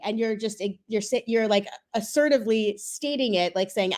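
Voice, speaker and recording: Chatty, animated woman guest. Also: a little high, normal speed, hardly any pauses. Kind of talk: casual interview chat.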